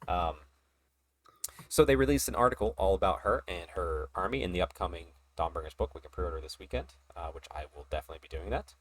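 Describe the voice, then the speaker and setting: A man hosting a casual hobby podcast, talking in an excited, rambling way and laughing often. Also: deep voice, fast talker. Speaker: podcast host.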